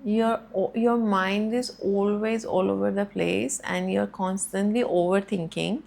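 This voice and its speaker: A woman speaking as a guest expert in an interview, calmly explaining how to handle anxiety and speaking straight to the listener. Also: mid-range voice, a little slow, creaky. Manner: calm, explanatory, addresses listener directly. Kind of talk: advice interview.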